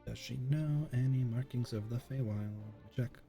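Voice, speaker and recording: A man running a tabletop role-playing game as game master, thinking aloud in a relaxed way as he plays. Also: medium pitch, normal speed, gravelly, faint music behind. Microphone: streaming microphone.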